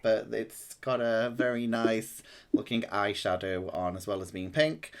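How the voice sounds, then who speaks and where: A man's voice: fairly low pitch, unhurried. A man with a Mancunian accent, narrating a tabletop game as the dungeon master and laughing often.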